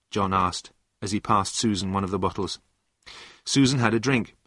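Man, story narrator, calm, measured, plain reading, slightly husky. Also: low-pitched, no echo, studio quality.

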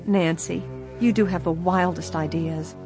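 A woman's voice: lowish voice, fairly even intonation, a little slow, loud music behind the voice. A woman voicing Bess, a fretful, timid teenage girl in a storybook. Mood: nervous. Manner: fretful, worried.

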